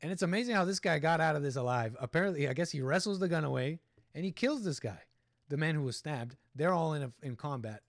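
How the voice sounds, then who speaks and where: A man's voice: on the high side, animated, fast, no echo, studio quality. Opinionated man commenting on a clip. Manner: rambling, opinionated, talks back at the clip. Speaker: livestream host. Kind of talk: live commentary on a video clip.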